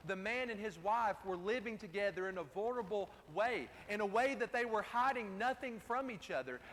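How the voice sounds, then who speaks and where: A man's voice: high-pitched, animated, fairly quick, fairly bright tone, a little hiss or hum. A man preaching a sermon in an emphatic way, repeating key phrases, recorded in a church sanctuary. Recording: distant, reverberant hall with faint ambience.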